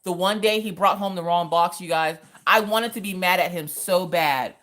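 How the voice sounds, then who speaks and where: A woman's voice: fairly low pitch, moderate pace, fairly bright tone. A woman hosting a casual craft livestream, chatting playfully, laughing often and reading viewer comments aloud. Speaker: livestream host.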